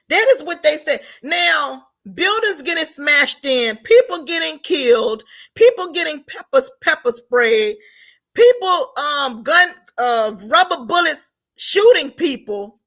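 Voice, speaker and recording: A woman giving an unscripted political commentary monologue, emphatic and preachy, firing rhetorical questions at her viewers and rising to shouts on key points. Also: sits high.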